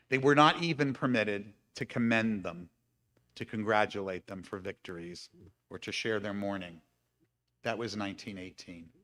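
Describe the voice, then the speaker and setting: A man speaking at a live-streamed congregation service, his voice bright and clear. He reads book passages aloud and breaks in with his own comments and small laughs. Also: fairly low pitch. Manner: reads quoted passages with asides and light laughs. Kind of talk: reading aloud and commenting in a talk.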